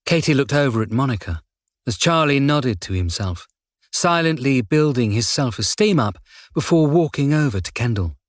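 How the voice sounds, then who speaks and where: A man narrating a crime novel in a steady, measured reading voice. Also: mid-range voice, no room sound, studio quality. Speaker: audiobook narrator. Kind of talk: scripted narration.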